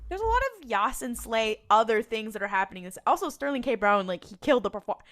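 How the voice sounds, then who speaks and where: A woman's voice: fairly high pitch, expressive, fast talker, a bit bright. A young woman co-hosting a podcast, chatting casually and throwing in wry asides. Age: young adult. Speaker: podcast co-host. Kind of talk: casual recap chat.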